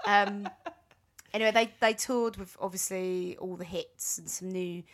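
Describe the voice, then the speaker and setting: A woman co-hosting a casual podcast, telling a long story in a loose, rambling way. She fills her pauses with ums and keeps correcting herself mid-sentence. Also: mid-range voice, steady tone. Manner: rambling, chatty, with frequent ums and self-corrections. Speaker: podcast co-host. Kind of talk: casual chat, recounting a band's history.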